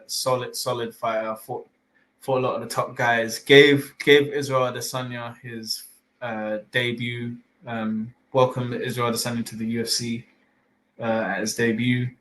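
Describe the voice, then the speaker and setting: Casting: male podcast host, mid-range voice, rambling casual delivery, swears freely, fills pauses with "uh". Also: medium pitch, little pitch movement, fairly bright tone, poor audio. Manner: rambling, full of fillers and restarts, swears casually. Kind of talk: casual fight-talk podcast chat.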